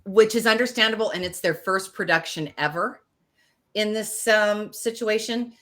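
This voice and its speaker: A woman in her forties co-hosting a podcast, telling a story in a casual, animated way, full of fillers and restarts. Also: mid-range voice, normal speed. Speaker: podcast co-host. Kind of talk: casual chat.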